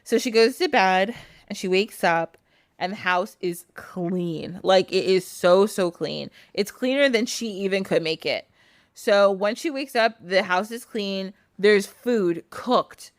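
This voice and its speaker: A woman podcast host tells a folk tale in a loose, chatty way, full of laughter and "like". Her voice sits at a middle pitch. The recording is dry and close, with no room echo. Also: slow pace. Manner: animated, laughs often, filler "like". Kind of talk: casual storytelling.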